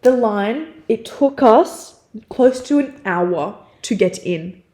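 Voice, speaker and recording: A young adult woman co-hosting a casual chat, telling a story in a chatty, animated way with lots of fillers. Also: fairly high pitch, slow. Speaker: podcast co-host.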